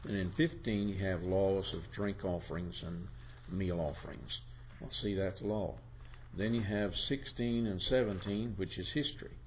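Halting male teacher, lowish voice, muffled lo-fi classroom tape, faint room hiss. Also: fairly even intonation. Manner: halting, repeats words, asks the class questions. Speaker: Bible teacher. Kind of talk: classroom lecture.

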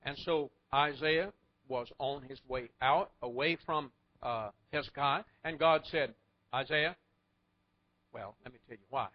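A man's voice: mid-range voice, measured pace. A man preaching a sermon, retelling stories in a folksy way with wry asides and chuckles. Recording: muffled lo-fi recording.

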